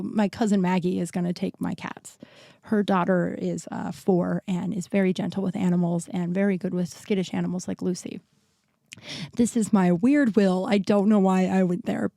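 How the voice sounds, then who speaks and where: A woman's voice: medium pitch, steady tone, moderate pace, vocal fry, dark tone, dry recording. Tired, rambling woman podcaster, dry sound. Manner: rambling, self-interrupting, candid with swearing. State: sick and tired. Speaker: podcast host. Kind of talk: casual solo podcast chat.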